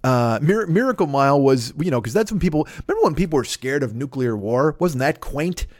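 A man's voice: mid-range voice, lively intonation, fairly quick, dry recording, studio quality. A middle-aged man hosting a comedy podcast, talking in a rambling, profane, self-deprecating monologue full of tangents. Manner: profane, self-deprecating, jumps between tangents and mock voices.

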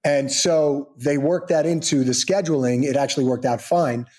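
A middle-aged man tells showbiz stories in a relaxed, chatty way. He jumps into high, excited voices when he quotes other people. His own voice sits at an ordinary, mid-range pitch. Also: normal speed. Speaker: soap opera actor guest. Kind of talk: casual anecdote telling.

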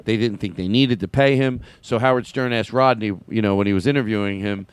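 A man hosting a comedy podcast, rambling playfully and slipping into quick impressions. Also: fairly low pitch, clear, resonant tone, dry recording. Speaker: podcast host.

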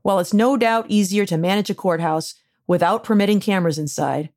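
A woman's voice: medium pitch, fairly quick, darkish tone. Woman reading her opinion column aloud. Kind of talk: read-aloud opinion essay.

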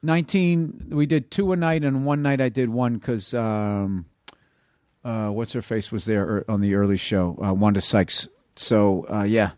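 A man's voice: on the low side, steady tone, measured pace, darkish tone, no echo. A man in his forties with a Boston accent, a comedian guest on a podcast interview, telling rambling, self-deprecating stories into a studio microphone.

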